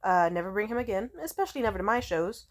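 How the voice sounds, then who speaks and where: A man's voice: high voice, expressive, quick pace. A woman quoting a polite but firm male comedy producer in her own voice.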